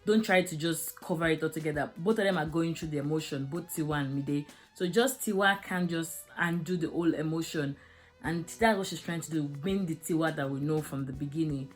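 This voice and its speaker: Faint music plays behind a young series reviewer as she discusses a drama episode in a casual video. She speaks briskly in a low voice, frank and emotional, with plenty of fillers.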